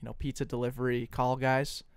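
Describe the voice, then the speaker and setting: A young man co-hosting a podcast, spinning a story at an easy pace and acting out the people he talked to. His voice sits at a middle pitch and sounds dry and close to a studio mic. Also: brisk, smooth, dry recording. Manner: animated storyteller, acts out phone calls. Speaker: podcast co-host. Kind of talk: casual storytelling chat.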